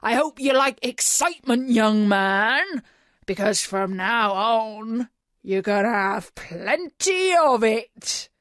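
Woman playing a booming pirate captain. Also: expressive, takes it slowly, a bit bright, no echo, studio quality. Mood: booming menace. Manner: booming, theatrical. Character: menacing booming pirate captain, tall, peg-legged.

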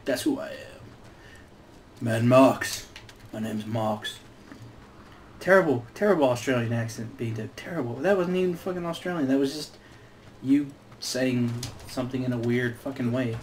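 Give me a man narrating his gameplay in an animated, sweary, offhand way over noisy game sounds. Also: mid-range voice, moderate pace. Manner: swears freely, muttering with sudden excited outbursts. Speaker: let's play gamer. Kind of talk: casual gameplay commentary.

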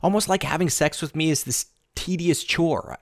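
A desperate wife, played by a man, pleads in a shaky, tear-choked voice pitched well above his own. The sound is close and dry, with no room around it. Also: normal speed, no room sound, close to an everyday voice. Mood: despairing. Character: sobbing, desperate married woman.

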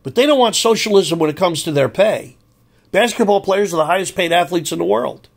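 A man's voice: high-pitched, lively intonation, fairly quick, creaky. An older man delivering an angry, emphatic monologue as a commentator. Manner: emphatic, heated ranting.

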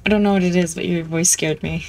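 A woman chatting playfully as she plays a video game, easily excited. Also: on the low side, fast, vocal fry, soft background music. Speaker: gameplay streamer. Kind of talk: casual gameplay commentary.

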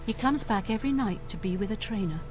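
Gossipy middle-aged innkeeper, played by a woman, lively delivery, game music behind. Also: mid-range voice, fast talker, natural voice. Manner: chatty, confiding, disapproving. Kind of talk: game character dialogue.

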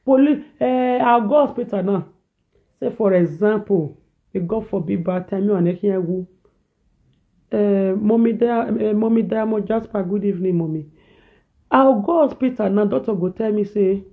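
A man's voice: high-pitched, moderate pace, creaky. A man with a Nigerian accent ranting in a preachy, repetitive reaction video, switching between pidgin and a local language. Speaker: social media commentator. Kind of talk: animated reaction rant. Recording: tinny phone-like audio.

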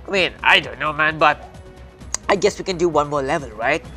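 A woman's voice: deep voice, expressive, moderate pace, bright, forceful tone, faint music behind. A woman chatting casually while playing a video game with friends, laid-back and joking. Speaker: gamer. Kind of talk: casual gaming chat.

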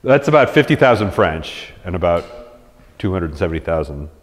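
Animated male historian in a reverberant hall. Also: low voice, normal speed. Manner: animated storyteller, acts out quotes in lively voices, frequent restarts. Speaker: resident historian giving a talk. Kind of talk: conversational history lecture. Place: lecture room with audience.

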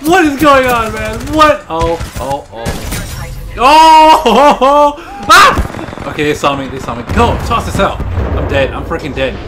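A man commentating his own shooter gameplay in an excitable way, swearing often and laughing or shouting at big moments. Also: sits high, measured pace, over music. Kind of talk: let's play commentary.

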